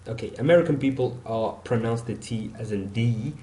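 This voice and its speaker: A man's voice: medium pitch, fairly quick, dark tone. Man teaching English grammar, echoey room. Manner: repeats example words, says okay often. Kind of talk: online grammar lesson.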